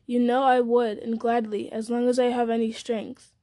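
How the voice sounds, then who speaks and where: A woman voicing a loyal, devoted male hobbit servant who talks in an earnest, plain-spoken, halting way. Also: on the high side, level tone, warm tone, dry recording, natural voice. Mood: pleading.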